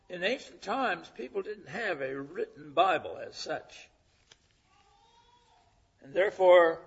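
A male pastor preaching a sermon in a church sanctuary, speaking slowly with a slightly raised pitch. His voice is gravelly and husky, and he teaches by posing questions and answering them himself. The recording sounds dull, with a long hall reverb. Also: fairly bright tone.

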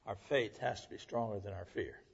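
A husky man preaches to his congregation, earnest and emphatic, letting his voice swell and then fall almost to a hush. The recording is dull and lo-fi, with the top end muffled. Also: lowish voice, a little fast. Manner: earnest, emphatic, swings between loud and hushed. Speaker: pastor. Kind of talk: sermon. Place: church service.

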